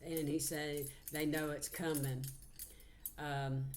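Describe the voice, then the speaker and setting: A woman's voice: low-pitched, little pitch movement, slow pace, a little mellow, a little hiss or hum. A woman, giving a heartfelt channeled psychic reading. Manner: heartfelt, earnest, relays messages.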